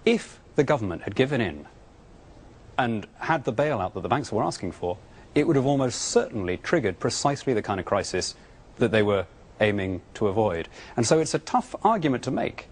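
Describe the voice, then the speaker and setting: A man's voice: medium pitch, big pitch swings, a little fast, slightly rough. A British man as a politician guest on a TV interview, arguing his views earnestly and often stammering through restarts. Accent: British English. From Britain. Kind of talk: remote TV interview answers.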